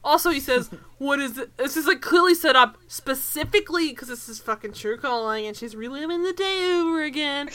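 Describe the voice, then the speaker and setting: Woman, podcast co-host; high bright voice, animated ranting delivery. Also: a little fast, hardly any pauses, a little hiss or hum. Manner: animated, ranting, swears a lot, laughs often. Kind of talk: casual chat.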